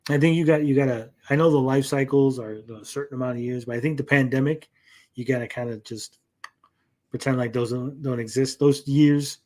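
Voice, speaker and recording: A man in the middle of an easygoing gaming chat show, his pitch sitting right in the ordinary male range. He rambles along with plenty of "uh" fillers, stumbles and repeats words, and tosses off the odd casual swear as he reacts to comments. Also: a little mellow. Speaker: podcast host.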